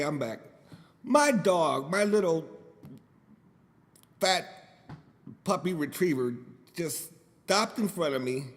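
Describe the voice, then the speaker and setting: A man whose first language is Spanish hosts a solo podcast from home, though his somewhat high voice sounds like it's in a large hall. His casual monologue is loose and rambling, peppered with free swearing and jokes.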